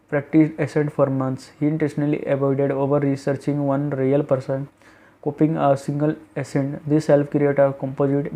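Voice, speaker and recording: A man narrates a scripted review in short, clipped phrases, sometimes stumbling and restarting a word. His voice sits fairly high but stays level and monotone, with a dark, mellow tone. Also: rough recording.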